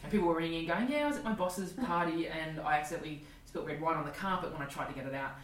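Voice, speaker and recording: A low-pitched Australian woman in her forties talks fast and candidly, laughing through her stories. She sounds a little distant from the mic in an echoey room. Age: 40s. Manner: candid, swearing, laughing storyteller. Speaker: comedian guest. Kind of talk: casual storytelling chat.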